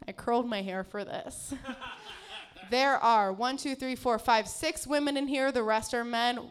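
Woman, stand-up set, fairly high voice, laughs through her jokes, club stage. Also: unhurried. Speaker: stand-up comedian. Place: comedy club stage with live audience.

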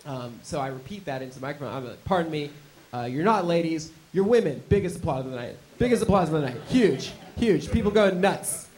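A man's voice: fairly high pitch, expressive, quick pace. A man doing a stand-up set, telling a rambling story. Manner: rambling storytelling, bursts into shouted mock slogans. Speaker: stand-up comedian.

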